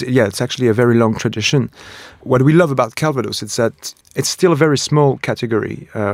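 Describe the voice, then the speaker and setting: A man from France with a French accent, a spirits brand co-founder explaining his product in a relaxed interview, with many fillers. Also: medium pitch, no echo, studio quality. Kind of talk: conversational interview.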